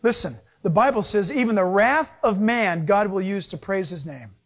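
A man, a pastor, preaching a sermon, lively and joking, acting out little scenes with voices. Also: high-pitched, normal speed. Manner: animated, acts out voices and jokes with the audience.

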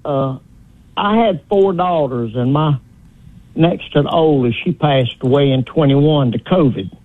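A man's voice: fairly high pitch, unhurried, no room sound. Older male caller on a tinny phone line. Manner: polite, says "sir".

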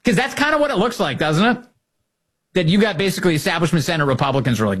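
A man's voice: high voice, expressive, quick pace, a bit bright. A man giving sarcastic, mocking political commentary as a host.

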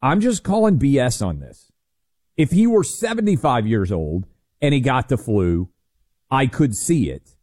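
A man's voice: very animated, unhurried, a little mellow, no echo, clean studio sound. A man from Tennessee co-hosting a radio talk show, giving wry, opinionated takes with lots of fillers. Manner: wry, opinionated, many fillers, drops low to finish a point.

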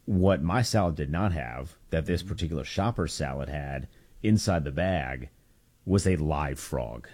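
A man's voice: extremely low pitch, measured pace, a little mellow. A man co-hosting a casual podcast, telling rambling jokey stories. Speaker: co-host.

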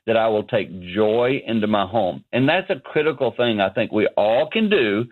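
A man's voice: on the low side, moderate pace. A man in his fifties, a ministry founder, telling a personal story as a radio guest from his office. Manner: earnest, animated storyteller. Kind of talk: phone-in interview, storytelling. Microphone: phone line. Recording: tinny phone line.

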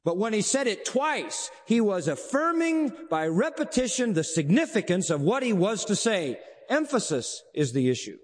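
A male pastor preaches in a high, sweeping voice that climbs and drops all over the place. He throws out rhetorical questions and holds dramatic pauses. His words ring out with a long hall reverb behind them. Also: sing-song. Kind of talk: sermon.

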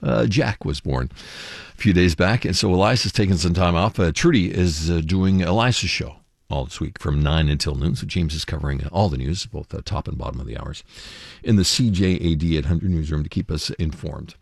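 A man's voice: sits low, brisk, vocal fry, no echo, clean studio sound. A man hosting a morning radio show in casual chat, talking with many fillers. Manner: chatty, lively, many fillers. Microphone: studio microphone.

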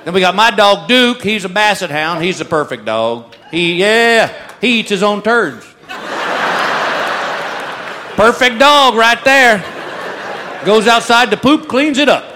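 Dry, deadpan stand-up man. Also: high-pitched, a little slow, pauses often. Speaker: stand-up comedian. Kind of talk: stand-up comedy routine. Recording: live club audience noise. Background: audience laughter.

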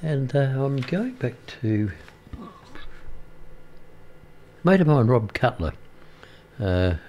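A man's voice: medium pitch, sing-song, slow pace, dark tone, a little hiss or hum. An older man, a radio presenter chatting casually and rambling with many fillers and restarts.

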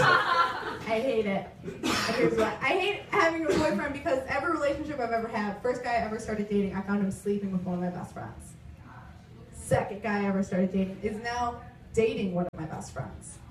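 A woman in her twenties performs stand-up, wry and self-deprecating, her pitch bouncing all over. Her voice sits a little high and comes from some way off the mic in a roomy space. Loud laughter and audience noise fill the background. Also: lively intonation, moderate pace, recorded from a distance. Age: 20s. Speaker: stand-up comedian. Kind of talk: stand-up comedy set. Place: comedy club stage.

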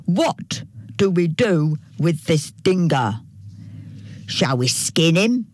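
A woman's voice: on the low side, very animated, slow pace, dry recording, studio quality, exaggerated voice. Woman voicing a stern, protective father emu.

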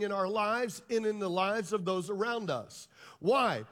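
A man's voice: high-pitched, lively intonation, a little slow, fairly bright tone, long reverb tail. A pastor preaching a sermon to his congregation, emphatic and drawing them into call and response. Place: church hall.

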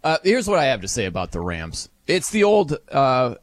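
A man hosting a sports talk show, animated and incredulous, laughing as he talks. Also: mid-range voice, moderate pace, no room sound.

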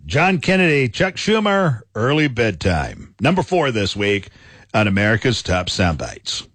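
A man's voice: fairly low pitch, wildly swooping pitch, measured pace, fairly bright tone, no echo. A man hosting a radio countdown show, announcing the next entries in a punchy announcer manner.

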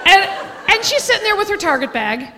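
A woman doing stand-up comedy, telling a story in a brash, profane, animated way. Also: very high voice, brisk, a loud crowd. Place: stage in a large hall. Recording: reverberant hall, audience noise.

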